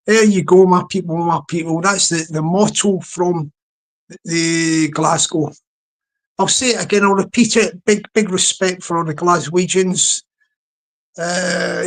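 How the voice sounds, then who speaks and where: High-voiced rambling host. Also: male voice, steady tone, a little slow. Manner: rambling, repetitive shout-outs. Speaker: livestream host. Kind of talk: casual live-stream chat.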